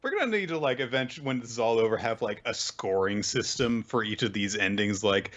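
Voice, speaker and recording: A man's voice: lowish voice, lively intonation, fairly quick, fairly bright tone, muffled recording. A man co-hosting a casual podcast, chatting and laughing often. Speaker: podcast co-host. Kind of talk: casual chat.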